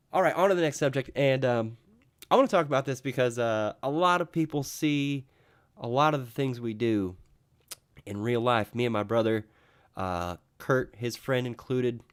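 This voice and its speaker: A man's voice: medium pitch, normal speed, clean tone. A young man hosting his own talk show, rambling casually with lots of fillers and restarts. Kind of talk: casual solo vlog monologue.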